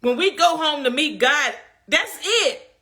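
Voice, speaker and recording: Bright, emphatic woman giving pep talk. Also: high-pitched, expressive, measured pace. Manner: preachy, emphatic, talks straight to viewers; colloquial, folksy. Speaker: lifestyle vlogger. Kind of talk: motivational self-care talk.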